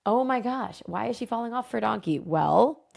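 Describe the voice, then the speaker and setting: A woman hosting a casual lesson, retelling a Bible story in an animated, enthusiastic, chatty way. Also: on the high side, moderate pace, creaky. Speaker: host and Bible teacher.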